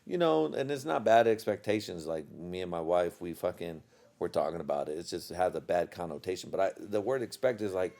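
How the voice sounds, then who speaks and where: A slightly low-voiced man rambles through a casual podcast monologue, cursing freely and breaking into laughter. He sounds a little tipsy, loose and unfiltered as he talks straight to his listeners. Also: expressive, a little fast, creaky, a little mellow. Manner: profane, rambling storyteller with bursts of laughter. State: tipsy from drinking. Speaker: podcast host.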